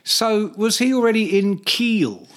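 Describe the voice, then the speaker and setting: A man's voice: high voice, a little slow, a bit bright. A man hosting a podcast in casual chat. He rambles, chuckles and swears freely. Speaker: podcast host.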